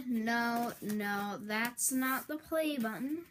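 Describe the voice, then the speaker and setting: A woman with a high voice talks slowly through a casual vlog, wandering off mid-thought and correcting herself. She swings into mock-dramatic outbursts. A faint hum runs under her voice. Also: lively intonation, sharp tone. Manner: rambling, self-interrupting, with melodramatic outbursts. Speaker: YouTuber.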